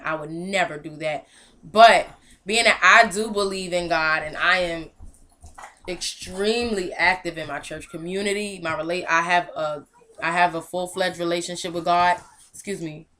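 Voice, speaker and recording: Earnest young woman, low-pitched. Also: sharp tone. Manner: earnest, encouraging, with casual slang. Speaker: movement founder and show host. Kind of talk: casual spoken vlog.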